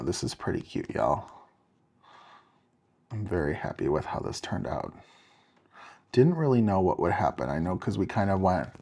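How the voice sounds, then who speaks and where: A man's voice: sits low, vocal fry, a little mellow. A young man, chatting upbeat to viewers as he shows card-making on a live stream. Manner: chatty, upbeat, talks to viewers by name while working. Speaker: card-making tutorial host. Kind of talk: live-stream crafting demo.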